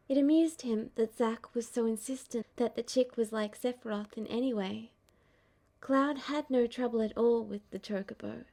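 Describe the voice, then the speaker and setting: A woman narrating a fan-fiction audiobook in a measured, even storytelling manner. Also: a little high. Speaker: audiobook reader.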